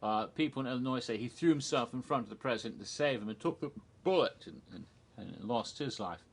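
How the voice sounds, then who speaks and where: A man's voice: medium pitch, animated, fairly quick. A man casually telling theme park history on his own, rambling and digressive, with many ums and restarts. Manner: chuckles at his own jokes. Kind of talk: casual solo storytelling.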